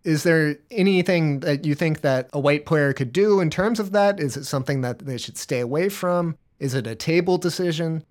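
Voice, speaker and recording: Thoughtful man, fairly high voice. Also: moderate pace, few pauses. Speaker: podcast host. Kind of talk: interview questions.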